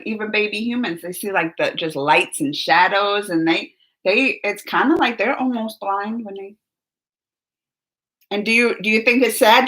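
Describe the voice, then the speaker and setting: A woman's voice: on the high side, a bit bright, rough recording. A woman hosting a casual livestream, chatting loosely and reading viewer comments aloud with frequent laughs. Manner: chatty, rambling, laughs often. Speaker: livestream reaction host.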